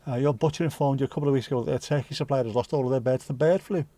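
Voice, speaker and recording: This medium-pitched, mellow voice speaks very fast with no echo. It belongs to a Liverpool-accented livestream host who rambles through viewer comments, joking around and swearing freely.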